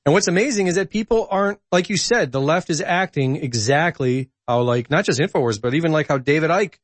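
A man in a casual podcast conversation who tells stories with animation and pauses on ums and uhs. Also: on the high side, no room sound. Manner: animated storyteller, hesitant fillers. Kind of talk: casual political chat.

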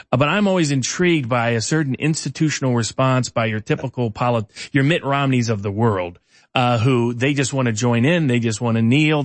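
A man's voice: mid-range voice, no echo. A man hosting a political interview, asking long, conversational questions. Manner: conversational, with fillers and restarts. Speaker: interview host.

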